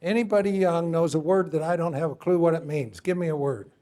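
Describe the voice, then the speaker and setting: A man teaching a class, lecturing in a lively way and asking his students for input. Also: on the high side, brisk. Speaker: instructor.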